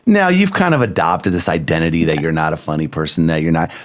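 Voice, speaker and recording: Rumbling low and animated, this husband talks at a quick pace while co-hosting a casual podcast with his wife. He comes across emphatic and easygoing.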